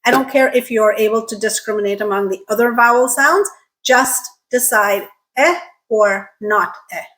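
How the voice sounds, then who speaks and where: Slow, clear woman teaching pronunciation. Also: fairly high pitch, fairly bright tone. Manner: slow, carefully enunciated drills with frequent "okay?" check-ins. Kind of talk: online pronunciation lesson.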